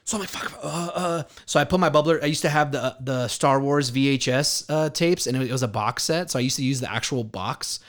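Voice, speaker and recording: A man's voice: mid-range voice, fast, few pauses. A man in his thirties telling a profane, laughing story in casual chat, acting out the quotes.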